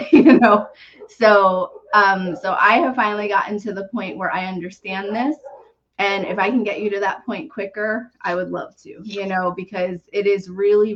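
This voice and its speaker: A woman hosting a live numerology reading, talking gently and earnestly with soft fillers and small laughs. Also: medium pitch. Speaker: numerology reader and podcast host. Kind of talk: live reading on a video call. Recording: dull lo-fi stream audio.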